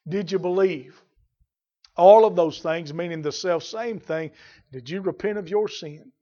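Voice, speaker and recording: A man preaching a fiery revival sermon, swinging from loud emphatic swells down to quiet asides. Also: sits high, lo-fi sound.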